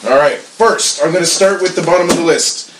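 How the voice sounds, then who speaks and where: A man in casual chat, telling stories in an animated way and swearing often. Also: a little high, fairly quick, reverberant, distant mic, a little hiss or hum, rough recording. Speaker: co-host telling bar stories.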